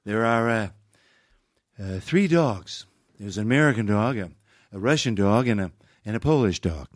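A man impersonating an older male president, who tells jokes with a folksy drawl full of halting ums and wells. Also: fairly low pitch, animated, no echo, clean studio sound, voice pushed down, natural voice. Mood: joking.

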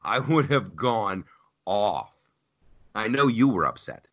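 A man hosting a podcast in casual political chat, excitable and animated, often restarting his sentences and throwing in sarcastic asides. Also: on the low side, slow pace, dull audio. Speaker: podcast host.

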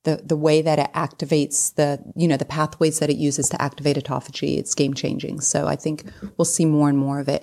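A woman's voice: deep voice, mellow. A woman in her mid forties, a podcast guest, explaining health ideas in a casual, enthusiastic way and building simple analogies. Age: 40s. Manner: explanatory, uses analogies, giggly asides. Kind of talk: casual interview chat.

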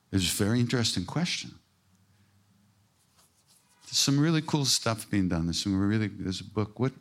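A man giving an informal spiritual talk, earthy and joking, with emphatic repetition and frank language. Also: mid-range voice. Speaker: spiritual teacher.

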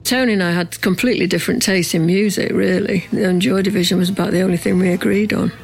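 A woman speaking briskly and candidly about a former husband in an interview. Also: medium pitch, fairly even intonation, vocal fry, soft background music. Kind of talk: archive interview.

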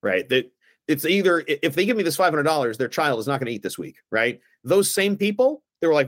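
A fairly high-voiced man tells stories in a lively, animated way. He acts out the lines of the people in them, and his pitch moves a lot. The recording is close and dry. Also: brisk, no room sound. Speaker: guest, former aldermanic candidate. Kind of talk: casual storytelling.

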